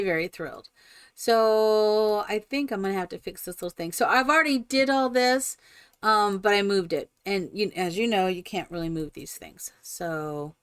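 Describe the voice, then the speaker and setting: A woman hosting a live stream, chatting excitedly and rambling while she builds in a game. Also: mid-range voice, clear, resonant tone, dry recording. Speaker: streamer host.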